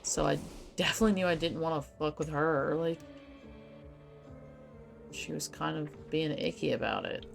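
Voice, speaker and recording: A woman's voice: low voice, normal speed, vocal fry, long pauses, soft background music. A woman streaming a role-playing game, reading its dialogue aloud and reacting casually with swearing and laughter. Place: home streaming setup.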